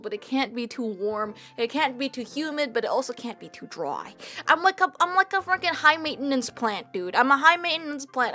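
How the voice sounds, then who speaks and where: A woman's voice: high-pitched, sharp tone. A young woman streaming, chatting casually in a playful, rambling, self-mocking way. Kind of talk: casual live-stream chat.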